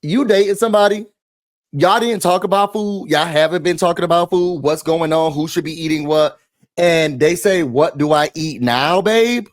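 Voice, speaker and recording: A man's voice: high-pitched, fairly even intonation, moderate pace, no room sound, studio quality. A man recapping and ranting about a reality show in a chatty, opinionated way, full of slang and fillers. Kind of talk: casual recap and rant.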